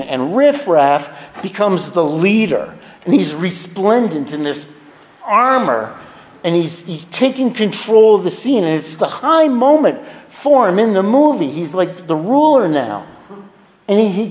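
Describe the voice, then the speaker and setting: A man's voice: high voice, a little mellow, slight background noise. A man speaking frankly and with wry humor at a recovery meeting. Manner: frank, confessional, wryly humorous. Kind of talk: personal recovery talk. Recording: reverberant hall.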